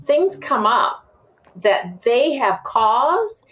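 A woman's voice: a little high, extremely slow, slight background noise. A woman speaking as a guest expert on emotional intelligence in an interview, telling vivid stories and acting out examples. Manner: animated storyteller acting out examples. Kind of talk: interview conversation.

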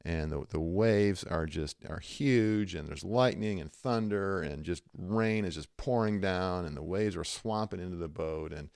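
A man hosting a conversational faith podcast, retelling stories in an animated way and acting out the people he quotes. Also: low-pitched, unhurried, creaky, hardly any pauses, no room sound, clean studio sound. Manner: animated storytelling, acts out quoted voices. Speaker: podcast host.

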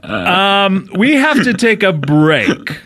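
A man hosting a comedy podcast, his voice a little higher than most and swinging up and down with expressive energy. He rambles through anecdotes in casual banter and breaks into laughter often. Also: slow pace. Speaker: podcast host.

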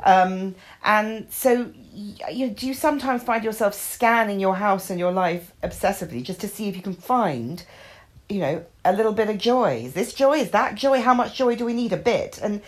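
A woman's voice: medium pitch, moderate pace. A woman co-hosting a podcast in casual chat, wry and self-mocking, swearing now and then. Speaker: podcast co-host.

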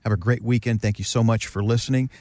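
A man's voice: lowish voice, fairly even intonation, quick pace, darkish tone. A man co-hosting a radio show, wrapping up the segment in a friendly way with a few "uh"s. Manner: friendly sign-off with filler "uh"s.

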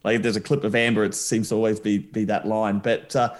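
A man's voice: fairly low pitch, level tone, a little fast. Easygoing Australian man co-hosting. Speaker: podcast co-host. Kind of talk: casual chat.

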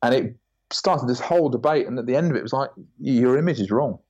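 This husky man in his 40s, a branding consultant, is a guest on a podcast, chatting casually and acting out quoted voices as he tells stories. His voice sits mid-range and moves at a quick pace. The audio is dull and lo-fi.

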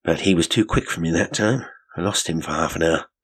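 A man reading a story voices a confident young male detective who speaks coolly and briskly, in a low husky voice. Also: fairly bright tone.

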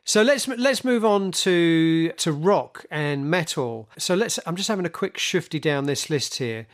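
A man's voice: fairly high pitch, lively intonation, measured pace. Wry man with tag questions. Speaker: podcast co-host. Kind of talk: casual music chat.

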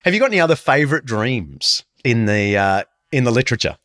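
A man's voice: medium pitch, sing-song, a little fast, fairly bright tone. A male podcast host who interviews a guest with dry humour and reads scripted narration.

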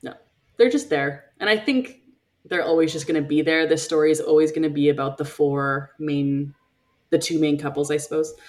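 A woman's voice: low-pitched, moderate pace, darkish tone. A woman co-hosting a casual book podcast, blunt in her opinions and mocking characters. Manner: blunt, mocks characters in whiny voices. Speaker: podcast co-host.

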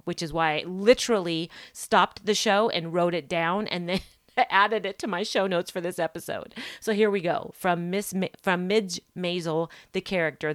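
A woman's voice: on the low side, no echo, clean studio sound. A woman hosting a solo podcast, talking emphatically and stacking rhetorical questions with frequent "right?" tags. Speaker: podcast host.

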